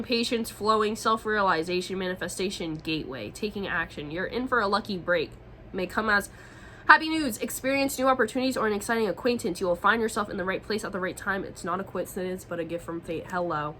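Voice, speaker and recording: A woman's voice: medium pitch, sharp tone, slight background noise, rough recording. A young woman giving a casual tarot reading, talking in an emphatic, slangy way and swearing freely. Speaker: tarot reader.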